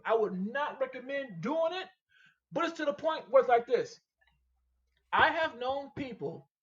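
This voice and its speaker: Guy on a shop podcast, pumped up and repeating himself, voice jumps all over, kinda muffled audio. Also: very high voice. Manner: emphatic, animated and repetitive, preaching-like. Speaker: podcast guest, machine shop owner. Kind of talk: casual podcast interview.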